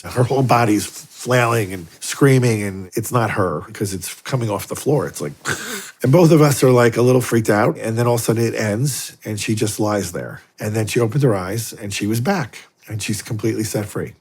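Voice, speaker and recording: Brief: middle-aged man, priest guest, slightly low and husky, lively storyteller. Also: normal speed. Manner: animated, acts out quoted exchanges. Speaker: Catholic priest and exorcist, guest. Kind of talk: interview storytelling.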